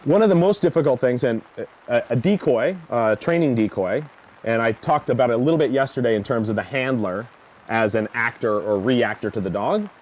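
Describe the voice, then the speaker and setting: A man teaching a dog training seminar, lecturing in an animated way and acting out reactions. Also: medium pitch, a little fast. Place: seminar venue.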